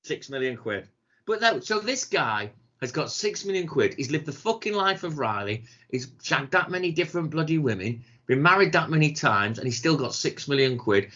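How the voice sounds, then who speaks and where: A middle-aged man with a Manchester accent, chatting casually on a podcast, sweary and animated, laughing often. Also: fairly high pitch, moderate pace, muffled recording. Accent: Mancunian. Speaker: podcast co-host. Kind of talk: casual chat.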